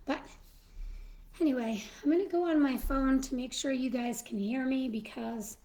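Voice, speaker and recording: A woman hosting a casual live stream, short of breath and slowed by illness, talking haltingly with many pauses and fillers into a phone. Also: high voice, dark tone, low-quality recording. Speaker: live stream host in a Mrs. Claus persona.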